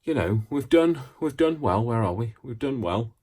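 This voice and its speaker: A man's voice: mid-range voice, animated, normal speed, a little mellow, husky. A man hosting a casual craft demonstration, chatty and rambling, with self-mocking asides. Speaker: craft tutorial host.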